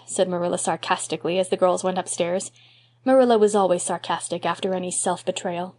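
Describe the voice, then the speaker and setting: In a measured but expressive way, this female audiobook narrator reads from a classic novel. Her voice sits in the mid-range.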